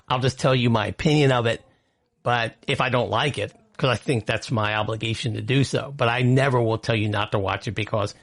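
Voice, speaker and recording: A man's voice: mid-range voice, gravelly. A man hosting an entertainment news podcast, chatty and opinionated, reading out quotes and adding his own asides. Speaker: podcast host. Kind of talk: casual entertainment news commentary.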